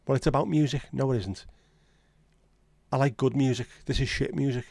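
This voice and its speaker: A man with a Scouse accent hosts a relaxed livestream chat. His voice is mellow and warm, recorded close and dry. He talks in blunt, sweary banter as he reads and answers comments. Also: medium pitch, a little fast, gravelly, dry recording. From Liverpool, England. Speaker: livestream host. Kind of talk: casual chat reading live comments.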